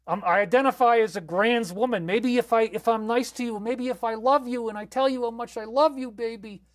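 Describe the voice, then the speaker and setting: A man voicing a raspy, chain-smoking grandmother who dotes and fusses over viewers on a live stream. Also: very high-pitched, a little fast, pitched above the performer's own voice. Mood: fussing. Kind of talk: comic live stream character.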